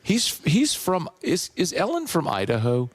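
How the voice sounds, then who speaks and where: A hoarse man hosting sports radio, playful and rambling. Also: a little high, huge pitch swings, measured pace. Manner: playful, rambling, riffs on pronunciation. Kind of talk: casual radio talk with live ad read.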